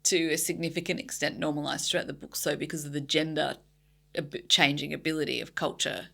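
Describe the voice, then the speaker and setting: A woman with a very low, gravelly voice discusses a novel on a podcast. She has a bright, sharp tone, hedges her points with fillers and laughs readily. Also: fairly even intonation, brisk. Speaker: podcast co-host. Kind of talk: casual book discussion.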